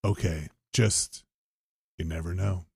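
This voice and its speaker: A strange, pushy door-to-door pest salesman, as a man mimics him in a deep, mumbling drone. The voice drops well below the speaker's own and trails off quietly. It is recorded dry and close, with no room sound. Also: steady tone, slow pace, vocal fry, breathy edge, no echo, heavily acted. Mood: flat insistent.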